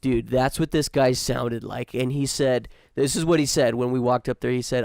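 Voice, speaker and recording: A man's voice: medium pitch, level tone, fairly quick, a little mellow, no echo, studio quality. A man co-hosting a casual podcast, telling stories in a laid-back way and calling his friends dude and man. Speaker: podcast co-host. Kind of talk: casual chat.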